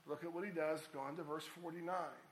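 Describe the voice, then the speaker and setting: A man's voice: fairly high pitch, fairly even intonation, brisk, echoey room, a little hiss or hum, poor audio. A man preaching a sermon as a pastor, earnest and rising to emphatic appeals.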